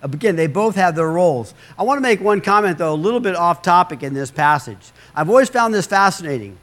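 Male pastor with a slightly high voice, giving a chatty, joking sermon full of restarts. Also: animated, a little fast, a bit bright. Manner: conversational, humorous asides, repeats words.

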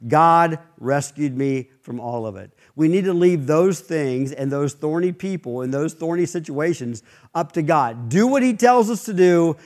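A man's voice: fairly high pitch, expressive, a little slow, darkish tone. A man preaching a sermon in a conversational, storytelling way, mixing scripture reading with anecdotes and restarts.

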